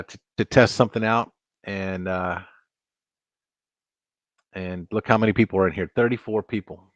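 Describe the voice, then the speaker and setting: This live stream host, a man speaking at medium pitch, rambles to his viewers from a computer in his home studio and keeps restarting what he says. There's no room sound, and the audio is lo-fi.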